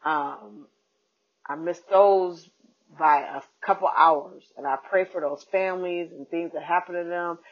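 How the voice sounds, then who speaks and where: A woman comedian and podcast host telling a casual, animated story and acting out the people in it. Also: fairly low pitch, unhurried. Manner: animated, acts out quoted people. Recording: dull lo-fi podcast audio.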